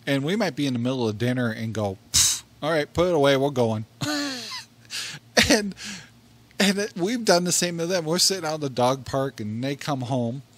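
A man's voice: medium pitch, animated, moderate pace, fairly bright tone. A middle-aged man co-hosting a casual podcast, telling stories in a rambling, chatty way with frequent laughs and restarted sentences into a desk microphone. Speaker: podcast co-host.

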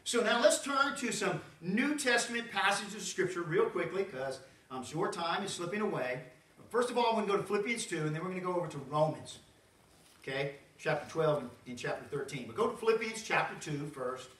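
A man pastor, preaching a folksy, animated sermon with frequent asides to the congregation. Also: high voice, brisk. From Southern United States. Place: church sanctuary. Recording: roomy church sound from a distance.

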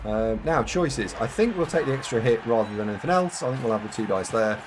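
A man's voice: medium pitch, expressive, brisk, noisy background. A man with a Yorkshire accent casually commentating his own game live, thinking aloud and chatting with viewers. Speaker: game streamer.

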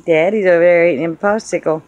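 A woman's voice: fairly low pitch, fairly even intonation, fast talker, a little mellow, no room sound. A young woman filming her baby on a phone at home, talking in coaxing, playful baby talk. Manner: sing-song, coaxing and playful. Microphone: phone held over the baby.

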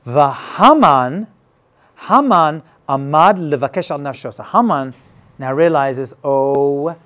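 Male rabbi, lively casual storyteller with expressive, swinging pitch. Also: measured pace. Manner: dramatic, casual, retells scenes with acted quotes. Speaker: rabbi teaching. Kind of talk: animated storytelling lesson.

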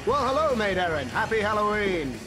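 An actor with an English accent playing a dry, put-upon roommate in a sitcom. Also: male voice, high voice, sing-song, fairly quick, over loud music. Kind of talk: sitcom acting.

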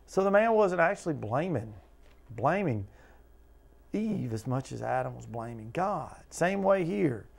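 A man with a gravelly edge leads a Bible study in a plain, mid-pitched voice. He teaches in an earnest, conversational way, asking listeners question after question and acting out the people in the scripture. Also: sing-song, a little slow, a little mellow. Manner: earnest, talks to listeners with repeated questions, acts out quotes.

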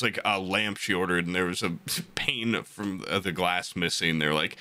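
A young man on a podcast, casually telling stories and leaping into high voices when he quotes people. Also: sing-song, moderate pace, few pauses, sharp tone. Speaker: podcast co-host. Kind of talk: casual storytelling chat.

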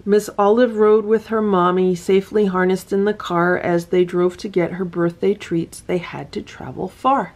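Gentle woman reading a storybook aloud. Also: lowish voice, moderate pace, few pauses. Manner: gentle, sing-song, pointing things out with excitement. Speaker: storyteller reading a picture book to her cats. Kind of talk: storybook read-aloud with asides.

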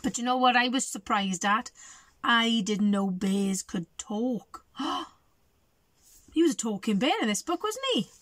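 Animated teacher reading aloud. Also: female voice, fairly high pitch, normal speed, dry recording. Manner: animated and chatty, asks questions. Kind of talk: storybook reading to children.

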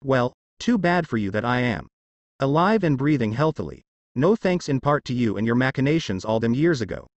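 A man's voice: mid-range voice, lively intonation, moderate pace, dry recording, lo-fi sound, natural voice. A man reading as a vengeful young ninja prankster. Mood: menacing.

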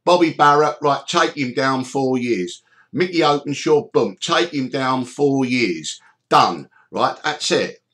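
Man, middle-aged, storytelling podcast host, lively pitch, swears a lot, does voices. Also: takes it slowly. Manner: animated, swears freely, acts out quoted voices. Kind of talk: storytelling chat.

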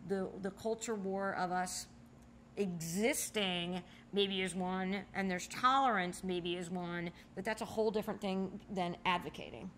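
An animated woman speaking in a recorded oral history interview inside a bar. Her pitch sits mid-range for a woman, but it leaps sharply whenever she quotes someone or gets carried away. A faint hiss sits under the recording. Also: measured pace. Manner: animated storyteller, acts out quotes with sudden high exclamations. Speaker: interviewee, bar co-owner and nonprofit founder.

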